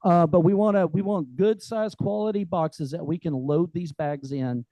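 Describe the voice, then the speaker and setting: A man's voice: fairly high pitch, normal speed, dark tone, dry recording, dull audio. Upbeat man hosting a meeting. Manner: upbeat, joking, folksy with many fillers. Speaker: meeting host. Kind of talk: casual address to a meeting. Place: meeting room.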